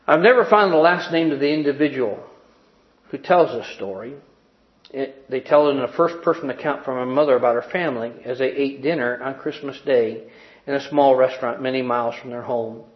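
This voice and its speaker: A man reading a story in a roomy hall. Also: mid-range voice. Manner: earnest, slowing and softening at tender moments. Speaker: preacher. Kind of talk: reading a story aloud in a sermon. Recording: roomy, dull sound.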